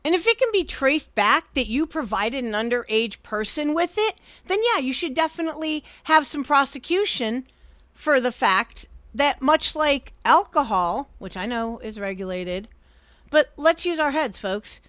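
High-pitched woman podcast host, blunt, swears a lot, dry close sound. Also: unhurried, no echo. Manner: blunt, swears freely, animated opinions. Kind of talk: casual chat.

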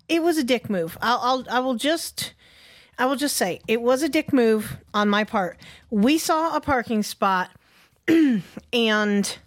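A woman's voice: fairly high pitch, no echo, studio quality. A woman co-hosting a podcast, telling a story in a blunt, emphatic, heavily profane way. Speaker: podcast co-host.

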